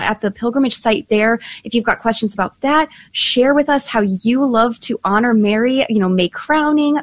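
A woman's voice: on the high side, no echo. A woman hosting a live call-in radio talk show, chatty and upbeat, with frequent fillers. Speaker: radio host.

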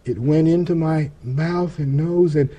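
Male interview guest, earnest testimony, halting with restarts, mellow tone, a bit high. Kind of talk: personal testimony storytelling.

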